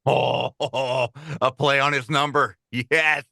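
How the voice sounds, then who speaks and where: A man's voice: mid-range voice, little pitch movement, creaky, sharp tone, dry recording, studio quality. A middle-aged man, a podcast co-host and former radio host, chatting in an easygoing, reflective way. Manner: easygoing, reflective, lots of quick agreement. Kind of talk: casual chat.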